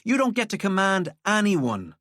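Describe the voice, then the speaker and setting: A man's voice: high voice, big pitch swings, moderate pace, fairly bright tone, no echo, voice pushed up. A dry, sarcastic young woman, as a man puts her on with a raised, lighter voice. She teases in an easy, offhand storybook tone. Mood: wry. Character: young woman, wry and sardonic.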